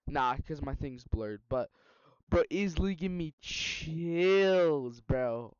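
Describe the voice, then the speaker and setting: A man's voice: on the high side, lively intonation, slow pace, clear, resonant tone, no room sound. A young man reacting to a video, talking casually, laughing often and tripping over his words. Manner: laughs often, says bro, stutters on words. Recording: dull lo-fi sound.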